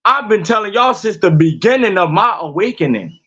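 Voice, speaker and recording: High-voiced man ranting in heated slang. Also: animated, a little fast, sharp tone, breathy edge, highs cut off. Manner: profane, confrontational, repeating rhetorical questions. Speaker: podcast host.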